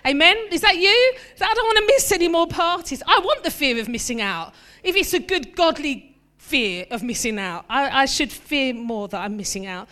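A woman preaching a sermon in a lively, conversational way, mixing scripture with humorous personal asides. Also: high voice, normal speed.

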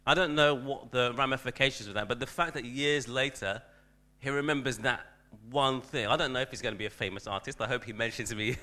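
Bright-voiced man telling a story. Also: mid-range voice. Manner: self-deprecating storyteller, frequent restarts. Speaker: teacher giving a talk at church. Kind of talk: anecdotal church talk.

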